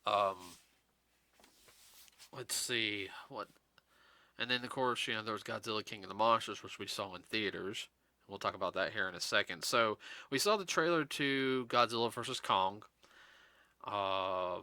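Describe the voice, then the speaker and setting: A man hosts a casual podcast chat. His voice is very bright and cutting, recorded dry and close, and he rambles with lots of fillers and self-corrections while ribbing his co-host. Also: lowish voice, normal speed, dry recording. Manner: rambling, many fillers and restarts, teasing. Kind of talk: casual chat about films.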